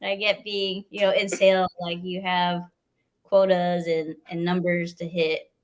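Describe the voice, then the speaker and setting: A woman with a slightly low voice co-hosting a casual live chat. She is relaxed, laughs often and lets sentences trail off. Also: a little slow.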